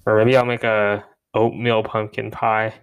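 This young podcast co-host chats on his own, rambling, mocking himself and laughing at his own jokes. His voice is lowish, smooth and narrow, delivered flatly and a little slowly, and the audio sounds tinny.

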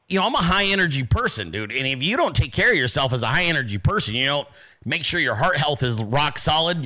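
Male podcast host, bright forceful voice, higher than most men, swearing, ranting commentary. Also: low-quality recording. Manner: profane, animated ranting; addresses listeners as dude and guys. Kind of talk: casual political commentary.

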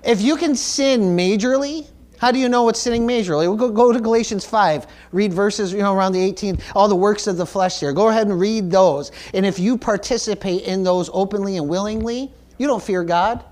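A man's voice: sits high, fairly quick, darkish tone. Emphatic preaching man. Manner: earnest, emphatic, repeats words when stressing points; calls for audience responses like "Amen?". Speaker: pastor. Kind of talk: sermon.

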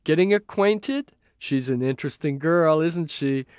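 A man's voice: a little high, animated, a little slow, darkish tone, clear, resonant tone, no room sound, studio quality, voice pushed up. A man voicing a smug, perverse young male illusionist who talks in a gloating, theatrical way.

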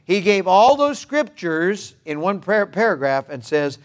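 Emphatic preacher, higher-pitched man. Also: very animated, measured pace. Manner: emphatic, repeats phrases for stress, folksy asides. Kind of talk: sermon.

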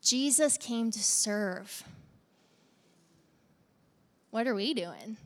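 A woman delivers a sermon in a fairly high voice and a chatty, direct way, putting questions to her listeners. Her voice rings out with a long reverb tail, as in a large hall. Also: lively intonation, extremely slow. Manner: conversational, engaging congregation with direct questions. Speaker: pastor.

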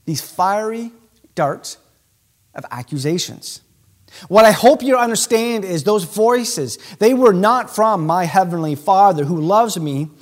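Male pastor, sermon, high voice, very lively pitch, emphatic delivery. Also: unhurried. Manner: animated, emphatic preaching with sudden shifts in pace.

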